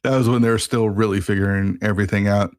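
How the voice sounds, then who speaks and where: A man's voice: lowish voice, fairly even intonation, fast talker, darkish tone, dry recording, clean studio sound. A man hosting a podcast interview, asking questions and offering encouraging affirmations in casual chat. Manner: encouraging, frequent backchannel affirmations. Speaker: podcast host.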